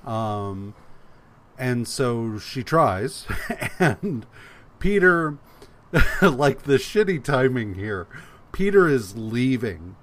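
A man's voice: mid-range voice, big pitch swings, drawn-out words, a bit bright, slight background noise. A man on a podcast recapping a comic casually, swearing and acting out the characters' lines as he goes. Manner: profane, acts out characters' lines while retelling. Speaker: podcast co-host.

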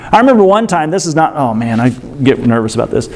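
A middle-aged male pastor giving a sermon, telling a story with animated, self-deprecating humor. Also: mid-range voice, fast talker.

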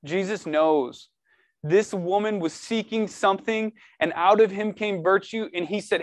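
A man preaching earnestly to a youth group, animated and casual, reading scripture and pleading with his listeners. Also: high voice, unhurried, no room sound. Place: church room.

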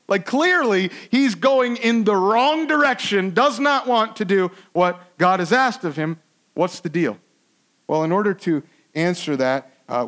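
A pastor preaching a sermon in a conversational, earnest way, with frequent restarts and swings between loud emphasis and hushed asides. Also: male voice, high voice.

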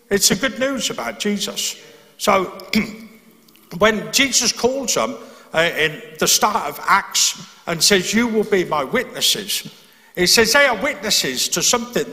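A man's voice: sits high, sharp tone. Guy preaching a sermon, voice jumps up and down a lot, long echo like a big hall. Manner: earnest, explanatory, with frequent restarts.

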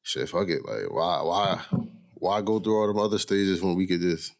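Casting: young man, low voice, easygoing podcast co-host, casual banter, studio mic. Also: normal speed, creaky. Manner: laid-back, laughs often, repeats phrases. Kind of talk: casual chat.

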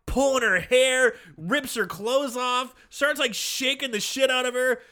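A man co-hosting a casual chat, retelling a film scene with animated storytelling, acting out the characters' lines. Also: extremely high pitch, unhurried. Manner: animated storytelling, acting out quoted lines, frequent laughs and swearing. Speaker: podcast co-host recapping a film.

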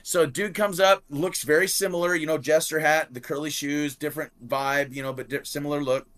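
A man in casual talk show conversation telling a long story, acting out quotes loudly, swearing freely and saying "like" often. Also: a little high, brisk. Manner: animated, acts out quotes in raised voice. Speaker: podcast guest.

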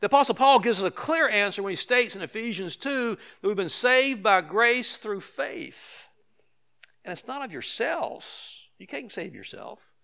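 High-voiced older male pastor preaching. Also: sing-song, measured pace, vocal fry, pushed and bright. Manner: conversational preaching with emphatic repetition and asides. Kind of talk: sermon.

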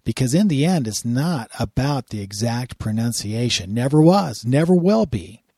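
Man, Bible teaching, earnest, husky, mellow dark tone, dry close sound. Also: mid-range voice, sing-song, normal speed, dry recording. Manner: earnest, repeats words when starting phrases. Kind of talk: sermon-style Bible teaching.

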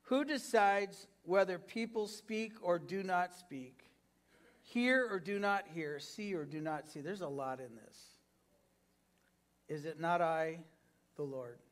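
High-pitched man preaching a sermon. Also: slow pace. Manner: preaching to a congregation, acting out quoted lines with swings in pitch and loudness. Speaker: pastor.

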